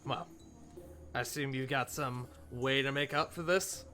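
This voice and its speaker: A man's voice: medium pitch, unhurried, over music, lightly acted. A man voicing a blunt male mercenary enforcer in a tabletop game, speaking curtly. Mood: gruff.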